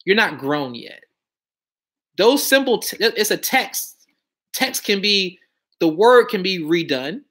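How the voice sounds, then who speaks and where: A man's voice: sits high, very animated, slow pace, pauses often, fairly bright tone. A man talking loosely and confidently on a casual live stream about taxes and credit. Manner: loose, conversational, slangy and self-assured. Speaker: credit and tax educator.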